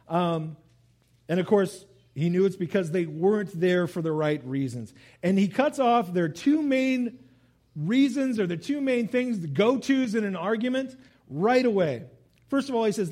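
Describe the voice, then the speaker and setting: Lively high-voiced man preaching. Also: normal speed. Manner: animated, conversational preaching with asides and laughs. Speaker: pastor. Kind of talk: sermon.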